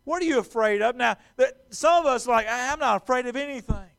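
A man preaching a sermon in a church, animated and stumbling over repeated words as he acts out quotes. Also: very high voice, fast talker, gravelly, clean tone. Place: church sanctuary.

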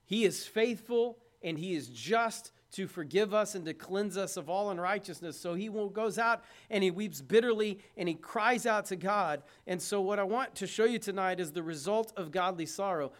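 A man preaching a sermon in a conversational way, asking the congregation questions and swinging from loud emphasis to hushed tones. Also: high voice, normal speed, few pauses.

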